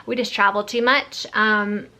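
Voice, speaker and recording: Woman vlogger, mid pitch, rambling and casual, filmed on a handheld camera in a motorhome. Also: steady tone, unhurried, pushed and bright. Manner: chatty, rambling, with frequent fillers. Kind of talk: casual vlog chat. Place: inside a motorhome.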